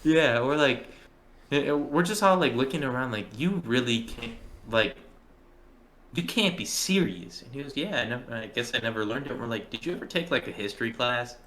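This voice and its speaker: Young male podcast co-host, early twenties, mid-pitched, rambling profane anecdote-teller. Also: lively intonation, moderate pace, fairly bright tone, a little hiss or hum. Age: early 20s. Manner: rambling, profane, acts out quotes. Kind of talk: casual storytelling chat.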